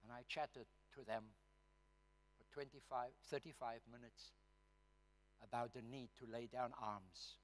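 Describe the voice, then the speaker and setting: A man with a South African accent, a pastor telling a story from his own life at a church service, swinging between loud emphasis and hushed asides. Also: mid-range voice, fairly even intonation, unhurried, long pauses. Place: church hall. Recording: reverberant church hall.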